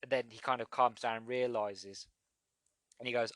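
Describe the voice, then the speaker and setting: A man's voice: medium pitch, steady tone, moderate pace, fairly bright tone, dry recording. A man hosting a podcast, reviewing a comic book in a casual, rambling way with many restarts. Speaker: podcast host.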